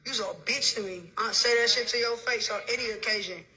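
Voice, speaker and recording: A woman's voice: on the high side, fairly quick, bright, forceful tone, rough recording. A drunk woman arguing, slurring and repeating insults over and over in a heated quarrel. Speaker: drunk woman in a filmed argument.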